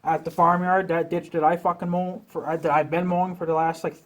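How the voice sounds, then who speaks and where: A man's voice: a little high, level tone, a little fast. A man venting in a rambling, profane rant as a vlogger, talking casually to his viewers.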